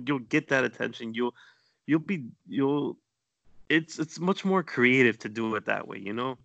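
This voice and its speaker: A man's voice: mid-range voice, vocal fry, fairly bright tone, no room sound, highs cut off. A man from Chicago, a guest on a podcast, chatting casually with jokes and lots of restarts. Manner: joking, repeats and restarts words.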